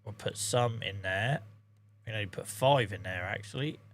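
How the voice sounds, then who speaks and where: A man from England with a Norfolk accent gives relaxed live-stream commentary while he plays. His voice has a bright, forward edge. He chats straight to his viewers, calling them guys and mate. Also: lowish voice, moderate pace, slight background noise. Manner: chatty, talks to chat viewers, says mate. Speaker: game streamer.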